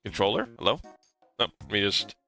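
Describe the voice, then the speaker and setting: Chatty man with a lively, bright voice. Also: fairly low pitch, normal speed, gravelly, soft background music. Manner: chatty, self-mocking asides. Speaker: gaming streamer. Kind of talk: casual let's-play commentary.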